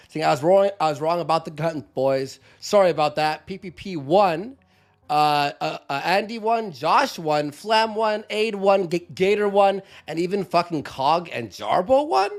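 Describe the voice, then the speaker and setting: A man with a high-sitting, expressive voice speaks unhurriedly as co-host of a live stream. He reads out donation messages in a joking, casual way, with laughs and fillers along the way.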